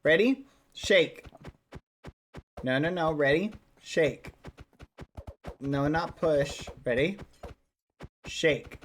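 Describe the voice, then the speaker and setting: Slow-talking streamer man. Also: fairly high pitch, a bit bright, slight background noise. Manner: talks to chat while coaxing a dog. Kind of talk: casual livestream chat.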